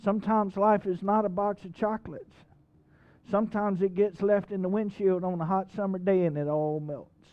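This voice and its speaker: A man's voice: high voice, fairly even intonation, normal speed, dull audio. A male pastor preaching a sermon in a church, folksy and emphatic, asking the congregation questions. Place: church sanctuary.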